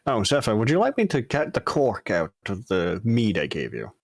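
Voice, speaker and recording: Lively-voiced man playing a tabletop game. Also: lowish voice, moderate pace, dry recording, clean studio sound. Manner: casual, curious questions. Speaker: player. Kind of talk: in-character tabletop role-play.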